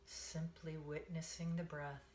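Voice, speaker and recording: Slow, low-voiced woman guiding meditation. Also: slight background noise. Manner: calm, soothing, unhurried with soft breathy passages. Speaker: meditation teacher. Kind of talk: guided meditation. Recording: echoey room.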